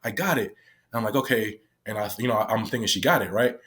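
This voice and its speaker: A man's voice: lowish voice, fast, fairly bright tone. Man, casual storytelling, candid, emotional, lots of swearing, acts out quotes. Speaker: guest, former youth detention worker.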